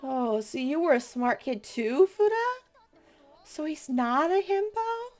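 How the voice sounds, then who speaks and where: A woman's voice: sits high, expressive, measured pace, a little mellow, soft background music. A young woman streamer playing a story game, chatty and playful, reacting with jokes. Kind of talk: game playthrough commentary.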